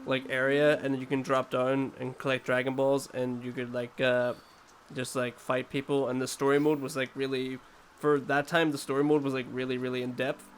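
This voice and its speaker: A man's voice: mid-range voice, little pitch movement, moderate pace, few pauses, slight background noise. Chatty young man, podcast co-host. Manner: chatty, laughing, asks follow-up questions. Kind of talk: casual chat.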